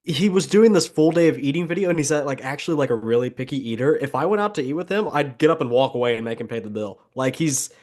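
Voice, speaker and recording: A young man on a casual podcast, calmly telling a personal anecdote with some fillers. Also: mid-range voice, fast, hardly any pauses.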